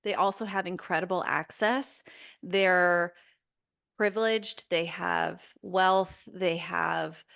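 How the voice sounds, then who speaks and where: A woman's voice: on the low side, fairly even intonation, slow pace, vocal fry, fairly bright tone. A woman in her late thirties co-hosting a podcast, slightly out of breath and talking in a candid, enthusiastic way. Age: 30s. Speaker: podcast co-host. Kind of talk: casual chat.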